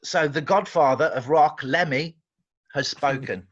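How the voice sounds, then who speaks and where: English guy rambling thru stories, kinda high voice, muffled podcast sound. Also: a little slow. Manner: rambling, animated storytelling with many restarts. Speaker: guest musician. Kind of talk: casual anecdote telling.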